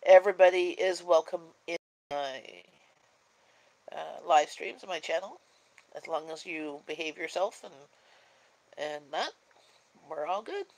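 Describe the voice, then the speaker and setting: A woman's voice: low-pitched, unhurried, pauses often, a little mellow, rough recording. A woman chats on a live stream in an easygoing, meandering way, full of "um" and "like." She sounds sleepy and keeps yawning between thoughts, drifting from one topic to the next. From Canada. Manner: rambling and chatty, many fillers. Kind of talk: casual live-stream chat.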